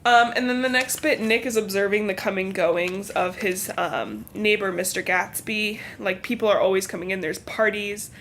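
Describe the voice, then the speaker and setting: A young woman co-hosting a casual book podcast, animated, laughing often and acting out the characters' lines as she retells the story. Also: medium pitch, normal speed, few pauses, a little hiss or hum. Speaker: podcast host. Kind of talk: casual book-club chat.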